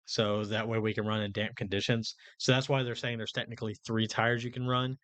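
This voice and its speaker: A man's voice: lowish voice, little pitch movement, brisk, fairly bright tone, a little hiss or hum. A man co-hosting a podcast, explaining things at length in casual chat. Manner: explains at length with fillers and restarts. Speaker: podcast co-host.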